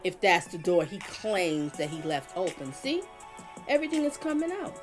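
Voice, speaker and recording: A woman's voice: fairly low pitch, big pitch swings, moderate pace, faint music behind. A woman giving casual live stream commentary, talking emphatically, repeating her points and reading viewer comments aloud.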